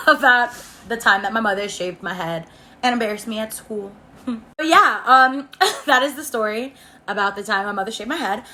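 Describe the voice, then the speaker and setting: A woman's voice: a little high, a bit bright. A young woman telling a casual story on her phone camera, rambling, laughing, and saying "like" a lot. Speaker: storytime vlogger. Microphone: iPhone.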